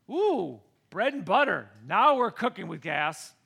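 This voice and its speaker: A middle-aged vlogger talks straight to camera, telling a homey story in a high, bright voice with some vocal fry and a slightly rough edge. He keeps a measured pace but stays animated, acting out the people in the tale with big swings between voices. The whole thing feels casual and chatty.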